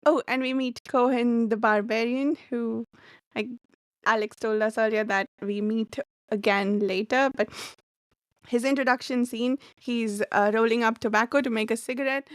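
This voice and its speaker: A woman's voice: fairly high pitch, fairly even intonation, normal speed, smooth, no echo, studio quality. A woman hosting a casual book discussion, laughing often as she talks. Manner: giggly, laughs often while talking. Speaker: book club host.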